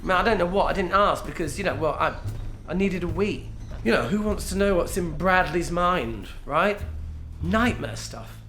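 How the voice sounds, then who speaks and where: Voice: mid-range voice, lively intonation, moderate pace, a bit bright, faint music behind. An actor voicing a self-absorbed, preachy hippie sibling who tags lines with questions, in a game. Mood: chatty. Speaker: sibling at a family party.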